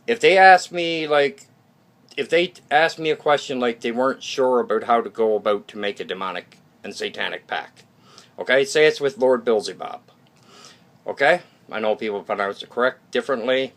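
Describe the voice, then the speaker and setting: A man of ordinary pitch gives a loose, unscripted talk to his viewers. He is blunt and opinionated and swears now and then. He rambles, restarts his sentences and keeps asking "okay?" to check in. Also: moderate pace, a bit bright. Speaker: YouTube channel host. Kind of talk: casual unscripted monologue.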